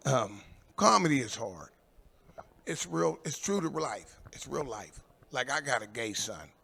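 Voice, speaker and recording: An older man from Indianapolis doing a stand-up comedy set, telling long profane stories and shouting out the lines of the people in them. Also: medium pitch, vocal fry. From Indianapolis, USA. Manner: profane, rambling storytelling with shouted quoted voices. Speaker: stand-up comic. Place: live comedy stage.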